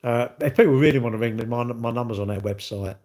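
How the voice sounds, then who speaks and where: A man's voice: medium pitch, fast talker, darkish tone. A man talking casually to viewers on a livestream, rambling and repeating himself in a defensive way. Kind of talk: casual live chat to viewers.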